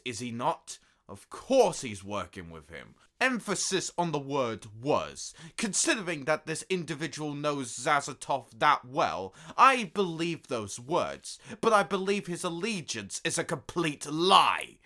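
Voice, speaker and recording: A man's voice: fairly high pitch, pushed and bright, heavily acted. A man playing a proud, theatrical emperor in a fan audio drama, speaking in a pompous, sarcastic way.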